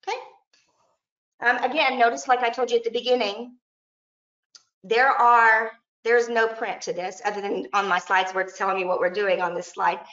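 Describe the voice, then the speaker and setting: A woman's voice: fairly high pitch, steady tone, moderate pace, long pauses, a bit bright. A woman teacher presenting a training session, explaining step by step and sounding out words as she demonstrates. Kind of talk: instructional presentation. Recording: echoey, dull lo-fi room sound.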